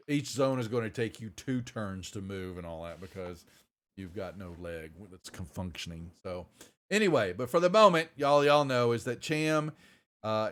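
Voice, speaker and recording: A man's voice: fairly low pitch, fairly bright tone. Rambling male game master. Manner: loose, rambling narration with fillers. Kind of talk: narrating a tabletop game.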